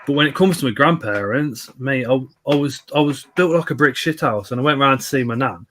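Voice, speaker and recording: A man's voice: mid-range voice, brisk, slight background noise. Sweary man telling stories. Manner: blunt, sweary, animated anecdotes. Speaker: live stream host. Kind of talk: casual storytelling chat.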